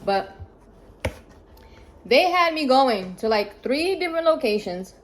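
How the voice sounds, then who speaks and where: A woman's voice: sits high, takes it slowly. Chatty woman vlogging on moving day. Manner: animated, chatty, addresses viewers as y'all. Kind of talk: casual vlog storytelling. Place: apartment during a move. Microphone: phone camera propped up.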